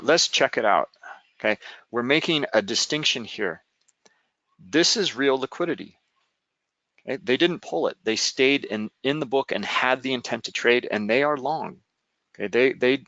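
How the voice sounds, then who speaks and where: Man with a gravelly voice, many "okay?"s. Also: medium pitch, a bit bright, no room sound, lo-fi sound. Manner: explanatory, frequent "okay?" check-ins and filler "uh". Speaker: trading software instructor. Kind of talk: screen-share software walkthrough.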